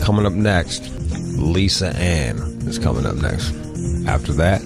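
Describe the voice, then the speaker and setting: A man's voice: sits low, animated, fairly quick, vocal fry, over music. A man hosting a radio talk show, sick with a stomach ache, talking in a crude, rambling, jokey way.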